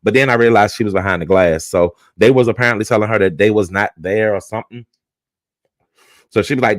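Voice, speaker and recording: A man hosting a casual livestream, retelling online drama in an animated, profane storytelling manner. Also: fairly low pitch, brisk, no echo. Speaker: livestream host.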